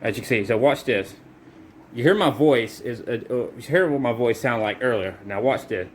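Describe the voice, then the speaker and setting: A man's voice: mid-range voice, moderate pace, a little hiss or hum. Casual self-correcting male reviewer. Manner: loose, self-correcting, thinks aloud. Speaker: product reviewer. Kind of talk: casual product review demo.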